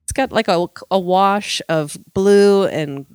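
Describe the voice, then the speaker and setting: A woman's voice: mid-range voice, slow, a little mellow, clear, resonant tone, no echo, studio quality. A woman co-hosting a podcast in casual chat, rambling and chatty with lots of fillers. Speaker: podcast co-host.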